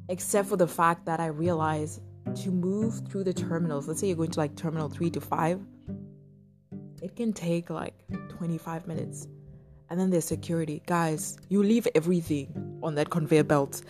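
Young woman chatting to her viewers, lowish voice, lively retelling, guitar music behind. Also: moderate pace. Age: young adult. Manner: animated, acts out her own thoughts in quoted asides. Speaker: vlogger. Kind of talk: casual storytelling to camera.

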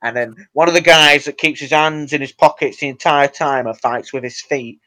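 This young man tells stories in a rambling, excitable way, his voice sitting a little higher than most men's. He chats casually as a podcast co-host and keeps laughing at his own tangents. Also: moderate pace. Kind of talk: casual chat.

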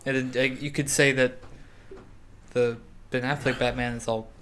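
A man's voice: medium pitch, little pitch movement, moderate pace, fairly bright tone, a little hiss or hum. Man, podcast co-host, casual banter, easygoing, hedging. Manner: easygoing, laid-back, hedging.

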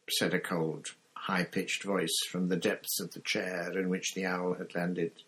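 A man reading an audiobook chapter with measured, expressive storytelling. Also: deep voice, husky. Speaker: audiobook narrator. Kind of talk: scripted narration.

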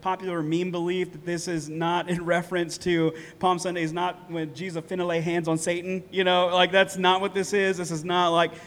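A man preaching a sermon in a relaxed, conversational way, often tagging points with "right?" and laughing lightly. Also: high voice, moderate pace, hardly any pauses. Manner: casual, conversational preaching with many "right?" asides. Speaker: pastor. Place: church hall. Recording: long reverb of a church hall.

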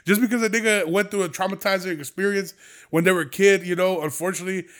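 A man's voice: high voice, fairly even intonation, fast talker, a bit bright. A man hosting a podcast, delivering a heated, profane and rambling casual rant. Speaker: podcast host. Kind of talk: casual ranting monologue.

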